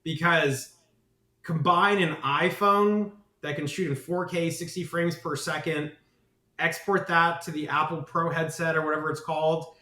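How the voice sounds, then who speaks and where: A man with a slightly higher voice talks at length as a podcast guest. His delivery is eager and runs on, full of asides, and he keeps checking in with "right?". The sound carries a noticeable room echo. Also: fairly even intonation, measured pace, pushed and bright. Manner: enthusiastic, rambling, with many "right?" tags. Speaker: guest, marketing agency founder. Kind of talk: podcast interview.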